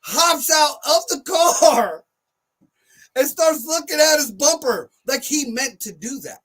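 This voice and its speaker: A man telling a profane comic story on a talk show, loud and animated, acting out what others said. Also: extremely high pitch, takes it slowly. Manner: animated, loud, swears heavily, acts out quotes.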